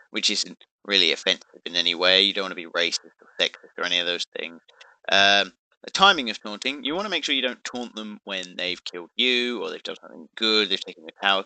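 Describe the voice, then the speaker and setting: A man's voice: fairly low pitch, bright, forceful tone, dry recording, low-quality recording. A man explaining a game tactic in casual chat, chatty and playful, with restarts. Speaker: gaming video creator.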